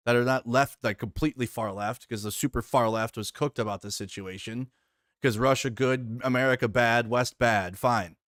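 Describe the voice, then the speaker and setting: A man's voice: mid-range voice, fairly bright tone, no echo, studio quality. A man streaming a reaction to the news, ranting heatedly with constant swearing and repetition. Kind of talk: profane angry rant.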